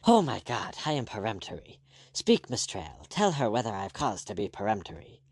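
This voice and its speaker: A curt, peremptory doctor giving sharp orders in a low voice, as a man narrating a storybook puts him on. The recording is dry and close. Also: huge pitch swings, moderate pace, no room sound, exaggerated voice. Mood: urgent. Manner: snappish, peremptory.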